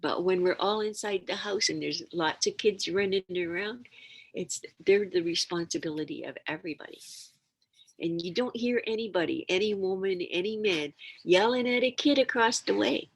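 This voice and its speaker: An older woman sharing teachings as a storyteller, acting out the quiet hushing sounds and coaxing calls in her stories. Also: medium pitch, moderate pace, gravelly, poor audio. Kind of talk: storytelling talk.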